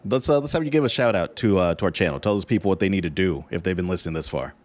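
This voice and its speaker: A man's voice: low-pitched, racing. A man hosting a gaming podcast, laid-back and laughing easily in casual chat.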